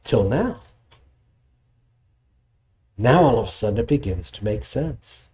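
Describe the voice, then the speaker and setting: Mellow-voiced man preaching. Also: on the low side, lively intonation, slow pace. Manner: explanatory, conversational preaching with restarts. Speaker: pastor. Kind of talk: sermon.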